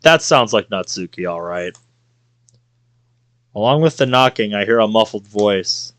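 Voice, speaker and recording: A man's voice: on the low side, expressive, unhurried, no room sound. A man streaming a visual novel, reading it aloud and reacting with jokes. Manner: playful, reacts with jokes and laughter.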